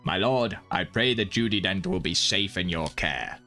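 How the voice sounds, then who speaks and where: A man reading the lines of a smooth-talking male traitor figure from a game, in a measured, courtly manner and a lowered voice. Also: lively intonation, sharp tone, soft background music, heavily acted. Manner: formal, measured, courtly delivery. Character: sly male celestial apprentice-master, smooth-talking traitor.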